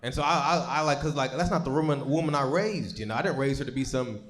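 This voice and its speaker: A man's voice: mid-range voice, fast talker. A young man doing a live stand-up set on a comedy stage, telling rambling, profane stories with lots of stammered restarts. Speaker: stand-up comic.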